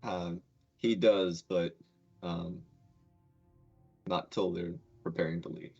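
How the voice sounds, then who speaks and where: Male player, low and slow, halting, muffled with soft music. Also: fairly even intonation, creaky, slightly rough. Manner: halting, thoughtful. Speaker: tabletop game player. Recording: muffled lo-fi audio with faint music.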